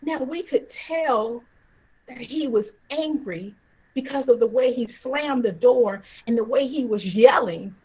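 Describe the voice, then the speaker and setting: A woman storyteller tells a personal story at a slow, dramatic pace over a video call. Her voice is husky and fairly high, and the audio is thin and tinny like a phone line.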